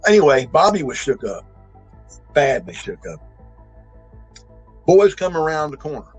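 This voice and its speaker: Husky-voiced older man. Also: on the high side, big pitch swings, measured pace, faint music behind, low-quality recording. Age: 60s. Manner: folksy, rambling, many restarts. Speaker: eyewitness storyteller. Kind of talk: casual spoken storytelling.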